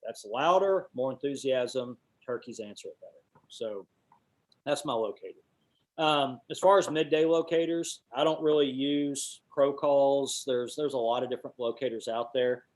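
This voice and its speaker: A man, teaching a webinar and telling hunting stories, now and then hooting owl calls out loud. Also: medium pitch, moderate pace. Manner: animated storyteller, hoots owl calls with his voice. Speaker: guest instructor, call maker.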